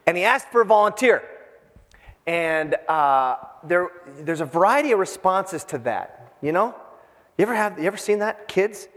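A man's voice: fairly high pitch, big-room sound. A middle-aged man from Minnesota giving an informal sermon as a pastor, rambling and self-deprecating with many fillers. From Minnesota, USA.

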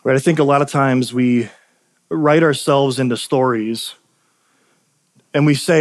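A man's voice: mid-range voice, measured pace. A male pastor preaching a sermon, telling personal stories earnestly and repeating lines for emphasis.

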